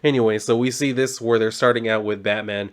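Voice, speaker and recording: A man's voice: on the low side, steady tone, fairly quick. A man casually recapping a comic book story, rambling loosely with lots of fillers and some mild swearing.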